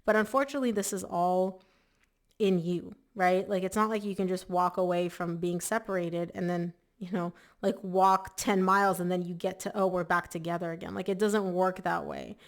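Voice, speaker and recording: A woman's voice: lowish voice, steady tone, normal speed. A woman giving a casual, chatty tarot reading to camera, emphatic and full of "like" fillers. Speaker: tarot reader.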